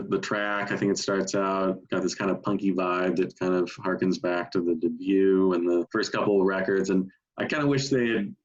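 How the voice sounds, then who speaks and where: Low-voiced man on a dull lo-fi line. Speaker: co-host ranking albums. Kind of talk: casual review chat.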